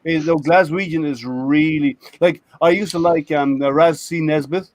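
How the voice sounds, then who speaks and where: A man's voice: a little high, fairly even intonation, a little mellow, no room sound. Rambling man, dry close sound. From Michigan, United States. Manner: rambling, halting, with many restarts. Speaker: host. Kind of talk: casual group chat on a live stream.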